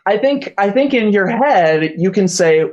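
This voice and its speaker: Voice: medium pitch, lively intonation, a little mellow, lo-fi sound. A game master narrating a tabletop role-play over an online voice call, full of "like" and restarts. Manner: halting, filler-heavy narration.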